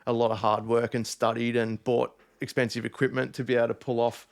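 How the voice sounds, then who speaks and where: A man's voice: medium pitch, little pitch movement, brisk, vocal fry. A man, a DJ guest, chatting loosely and swearing freely in a casual conversation. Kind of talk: casual chat.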